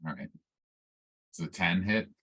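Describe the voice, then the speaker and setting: Deep-voiced, laid-back gamer. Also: male voice, unhurried, pushed and bright, slightly rough. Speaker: player. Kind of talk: playing a tabletop game.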